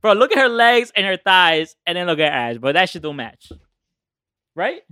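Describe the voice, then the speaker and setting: A young man trading crude, slang-heavy banter on a casual podcast. His voice sits high and swings widely in pitch with a bright edge. The sound is close and dry. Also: big pitch swings, moderate pace, clear, resonant tone, dry recording. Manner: loose, profane slang-heavy banter, laughs often. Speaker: podcast co-host. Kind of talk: casual chat.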